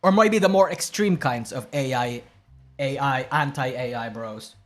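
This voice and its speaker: A man's voice: mid-range voice, measured pace, soft background music. A man streaming, giving blunt, profane opinions in a rambling way with many restarts. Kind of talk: casual reaction stream commentary.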